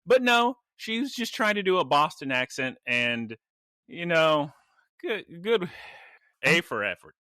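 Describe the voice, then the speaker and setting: Podcast co-host, male, animated storyteller, bright and lively, dry close sound. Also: a little high, measured pace, clean tone, dry recording. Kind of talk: casual chat.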